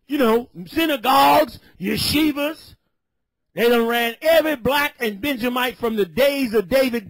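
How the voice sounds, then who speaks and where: A man preaching a fiery sermon, shouting and scolding his listeners. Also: extremely high pitch, dry recording.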